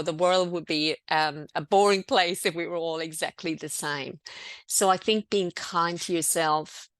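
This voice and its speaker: Low-pitched middle-aged woman, clinical nurse presenter, reassuring and chatty, dry close sound. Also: no room sound. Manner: reassuring, conversational, many fillers. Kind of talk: online education seminar talk.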